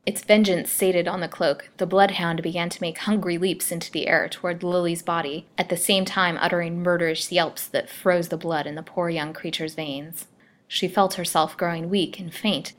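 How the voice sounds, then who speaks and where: A woman storyteller reading a melodramatic serial aloud with expressive delivery. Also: fairly low pitch. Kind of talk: scripted narration.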